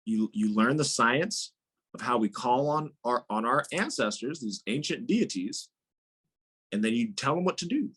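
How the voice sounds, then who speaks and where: Man, guest, husky voice, swooping lively pitch, emphatic, laughs a lot. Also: moderate pace. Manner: animated, emphatic, laughs often. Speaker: guest, spiritual teacher. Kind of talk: casual interview conversation.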